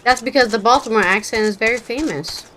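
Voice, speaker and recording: A woman's voice: fairly high pitch, brisk, noisy background. A woman streaming a game, chatting casually, swearing and laughing freely. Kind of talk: casual live-stream commentary. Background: game music.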